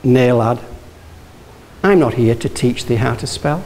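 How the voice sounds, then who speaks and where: A man putting on a gruff Yorkshire teacher. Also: mid-range voice, animated, measured pace, a little mellow, big-room sound, slight background noise, low-quality recording. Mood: blunt. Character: gruff older Yorkshire college teacher, blunt but kind.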